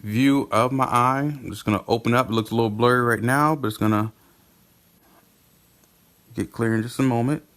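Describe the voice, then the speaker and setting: A man's voice: mid-range voice, steady tone, moderate pace, long pauses, fairly bright tone. Man massage therapist, blunt and profane, streetwise slang, rambling talk to camera. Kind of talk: casual monologue to camera.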